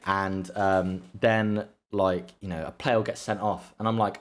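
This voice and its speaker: A young man talks in a loose, rambling podcast chat. His voice sits fairly low. He swears casually and leaps up in pitch whenever he acts out a quote. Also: steady tone, normal speed. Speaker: podcast co-host.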